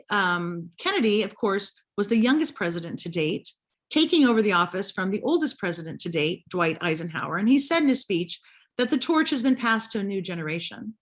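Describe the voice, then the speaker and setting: A woman history professor giving a recorded lecture, emphatic, often ending points with a rhetorical "right?". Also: medium pitch. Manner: emphatic, asks rhetorical questions with a tagged "right?".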